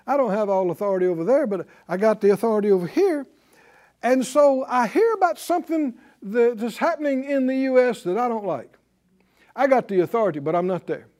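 A man preaching a sermon as pastor, animated and asking the congregation rhetorical questions. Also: very high voice.

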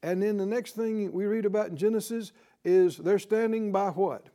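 A middle-aged man preaching a Bible teaching sermon in an earnest, deliberate way, asking his listeners rhetorical questions. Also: sits high, warm tone.

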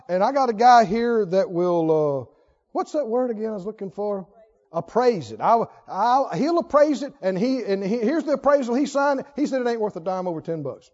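A male preacher with an unusually high voice, animated and laughing often as he fires rhetorical questions at the congregation. The recording is dull and lo-fi. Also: moderate pace. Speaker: pastor. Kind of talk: sermon.

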